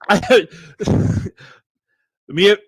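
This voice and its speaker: A man's voice: very slow, no room sound. A man co-hosting a podcast, joking casually and laughing often. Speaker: podcast co-host. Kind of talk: casual comedic chat.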